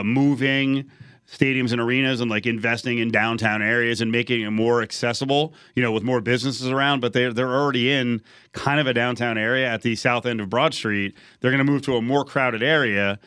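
A man hosting a sports talk radio show, animated and chatty, getting loud when excited. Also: medium pitch, fairly quick, clean tone, no room sound, studio quality.

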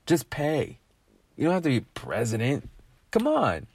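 A man's voice: a little high, a little slow, husky, no echo. Ranting casual male podcast host. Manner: animated, sarcastic, swears freely. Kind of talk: casual opinion rant.

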